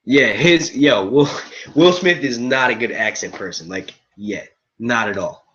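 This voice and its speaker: Male stream host, loose profane chatter, bright edgy voice, dull lo-fi audio. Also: mid-range voice, unhurried. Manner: rambling, profane, casual, says "yo" a lot. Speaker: host of a movie and TV review stream. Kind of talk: live-stream chat with viewers.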